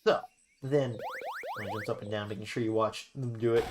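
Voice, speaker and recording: A woman's voice: a bass voice, steady tone, brisk, background noise. A woman streaming a story game, reacting emotionally and reading the text aloud. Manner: emotional, exclaiming and laughing at the story. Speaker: gaming streamer. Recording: clear game music behind. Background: game music.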